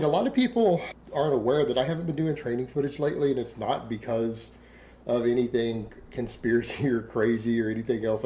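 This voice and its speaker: Defiant rambling man, dark voice. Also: mid-range voice, slight background noise, poor audio. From Texas. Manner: defiant, rambling, rhetorical questions. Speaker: online video creator. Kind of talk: casual monologue to camera.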